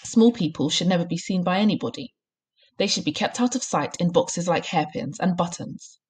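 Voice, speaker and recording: A huge, cruel headmistress from a storybook barks commands and snaps insults, as a woman reading aloud puts her on. The voice sits low and a little husky, with a harsh, clipped bark. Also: normal speed, darkish tone. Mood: scornful. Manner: barking, snapping commands. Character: huge bullying female headmistress, cruel and furious.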